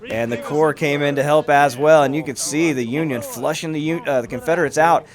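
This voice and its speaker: A man hosting and commentating a large online battle game with lively, amused play-by-play. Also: a little high, a little fast. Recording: commentary over loud battle crowd noise. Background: crowd and gunfire of a large online battle.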